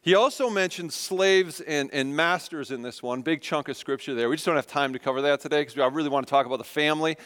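A man's voice: on the high side, fast talker, few pauses, a bit bright. A man in his thirties preaching a sermon, telling a self-deprecating story and acting out the voices of his family. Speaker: pastor. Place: church sanctuary. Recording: long reverb of a church hall.

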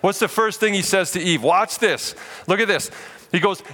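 A male pastor preaching a sermon in a church, animated and emphatic, often dropping low to stress a point. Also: normal speed, in a large hall.

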